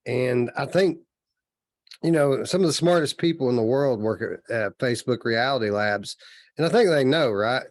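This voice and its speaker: A man's voice: medium pitch, animated, moderate pace, vocal fry, no room sound. A man co-hosting a podcast, giving his opinions and explaining them at length. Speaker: podcast co-host. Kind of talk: casual chat.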